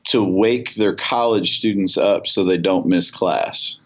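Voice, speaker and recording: Deep-voiced, measured pastor, man. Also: dull audio. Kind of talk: casual chat.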